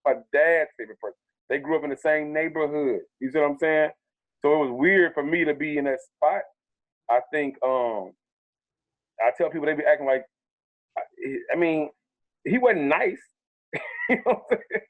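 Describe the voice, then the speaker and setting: Animated man on a tinny line. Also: fairly high pitch, moderate pace, pauses often. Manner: animated, profane storyteller acting out quotes. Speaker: comedian guest. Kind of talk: casual storytelling interview. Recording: tinny phone-like sound.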